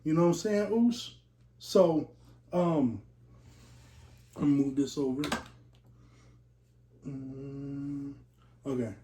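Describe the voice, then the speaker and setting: A man's voice: medium pitch, drawn-out words, pauses often, mellow, roomy sound. A man from West Texas, hosting a casual vlog and rambling from topic to topic as he talks to viewers. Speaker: show host. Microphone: camera mic.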